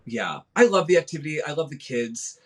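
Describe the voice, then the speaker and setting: A man in his thirties, a podcast guest and marching arts instructor, chatting casually and telling lively stories full of "like.". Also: on the high side, fairly quick. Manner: animated storyteller, heavy "like" filler. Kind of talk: casual chat.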